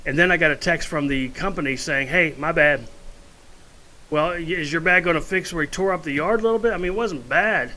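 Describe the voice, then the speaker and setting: A man's voice: fairly high pitch, fast talker, few pauses, bright, forceful tone, low-quality recording. Blunt opinionated man at home. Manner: blunt, opinionated, rambling asides. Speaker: vlogger. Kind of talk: casual opinion monologue.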